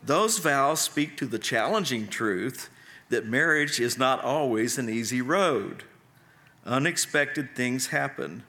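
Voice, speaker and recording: Bright-voiced male pastor preaching. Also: mid-range voice, lively intonation, takes it slowly. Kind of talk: sermon.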